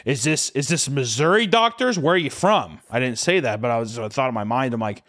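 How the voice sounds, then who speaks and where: A man's voice: mid-range voice, fairly quick. A young man co-hosting a podcast, telling a story in a casual, profane, comedic way and acting out the voices of the people in it. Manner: animated, profane, acts out quotes with screams. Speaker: podcast co-host.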